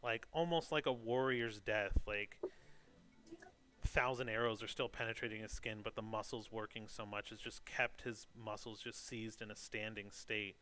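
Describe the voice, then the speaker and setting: Bright-voiced man narrating as game master. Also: fairly low pitch, little pitch movement, moderate pace. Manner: loose, descriptive, lots of "like" and "kind of".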